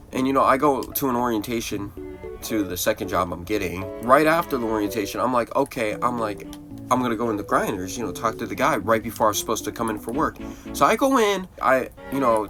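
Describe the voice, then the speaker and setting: A young man telling a rambling, profane story in casual storytime style while gaming. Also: mid-range voice. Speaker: gaming video creator. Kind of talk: casual storytime over gameplay. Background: guitar music.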